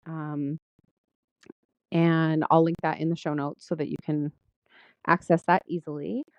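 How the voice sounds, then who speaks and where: A low-pitched woman hosting a podcast, speaking in an earnest, list-like rhythm as she works through one heartfelt line after another. The sound is dull and lo-fi, with a dry, close, roomless quality. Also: clean tone, no room sound. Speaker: podcast host. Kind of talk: spoken gratitude journal, podcast monologue.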